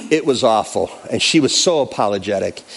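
A pastor telling a personal story in a sermon, acting out the quotes in an animated way. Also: male voice, fairly low pitch, fairly quick, vocal fry.

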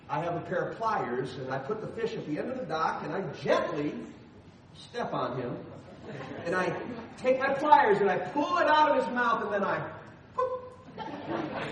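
Middle-aged male pastor, animated sermon, self-deprecating humor, bright voice, echoey hall heard from a distance. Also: high-pitched. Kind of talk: sermon with personal storytelling.

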